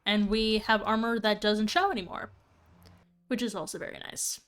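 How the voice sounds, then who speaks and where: A woman's voice: medium pitch, moderate pace. A young woman casually chatting and thinking aloud while she plays a game on stream. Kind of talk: casual gameplay commentary.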